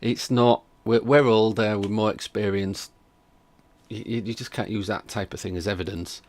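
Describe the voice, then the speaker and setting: Skeptical low-voiced man. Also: steady tone, moderate pace, darkish tone. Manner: chatty, skeptical, reads viewer comments. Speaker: reaction video host. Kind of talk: casual live commentary.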